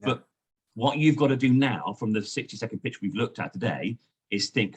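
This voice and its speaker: A man, a sales trainer and guest, coaching in a lively, emphatic way. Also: medium pitch, normal speed, husky. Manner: lively, emphatic coaching with frequent "you know". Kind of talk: coaching conversation.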